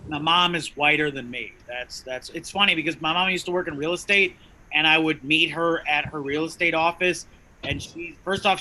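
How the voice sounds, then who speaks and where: A male comedian riffs through a self-mocking stand-up bit, his voice shrill and nasal with a bright, cutting edge. He sits a little higher than most men. The talk keeps circling back to the crowd as "you guys.". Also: a little hiss or hum, low-quality recording. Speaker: comedy co-host.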